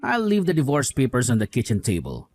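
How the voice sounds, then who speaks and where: A man's voice: medium pitch, huge pitch swings, brisk, a little mellow, no room sound. A man voicing a young husband who scolds his wife with contempt and sides with his mother in a voiced drama story. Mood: scolding.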